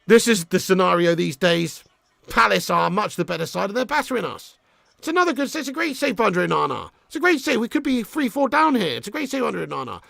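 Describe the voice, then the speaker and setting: High, gravelly football fan host. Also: male voice, sing-song, brisk, no echo, clean studio sound. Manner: sweary, ranting, banters with the chat; shouts at chances on goal. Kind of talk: live match watch-along commentary.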